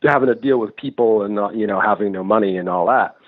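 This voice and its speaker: Fast-talking with a fairly low pitch, a filmmaker and actor from New England spins loose, profane, animated stories as a guest in casual interview chat. The audio is dry and tinny, like a phone.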